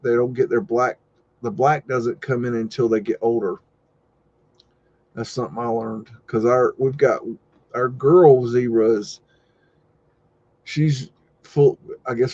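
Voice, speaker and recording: A man's voice: medium pitch, dull audio. A man hosting a live stream, chatting casually and rambling with jokes while looking over old photos. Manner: rambling, joking, easygoing asides and loud exclamations. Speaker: host.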